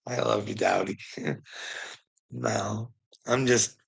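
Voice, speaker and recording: A man's voice: on the low side, vocal fry, husky, low-quality recording. A man hosting a rambling live stream, preaching and teasing a viewer directly, laughing often between lines. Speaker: livestream host.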